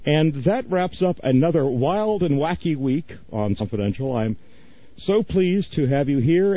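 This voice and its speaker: Rambling radio host with a phone-like sound. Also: male voice, mid-range voice, dry recording. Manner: rambling, chuckling, gushing. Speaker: radio talk show host. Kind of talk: radio phone-in talk show.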